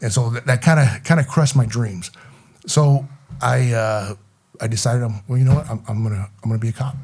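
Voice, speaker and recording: A man speaking as an interview guest, halting with frequent restarts. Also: mid-range voice, darkish tone. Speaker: guest, former police officer. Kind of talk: casual interview talk.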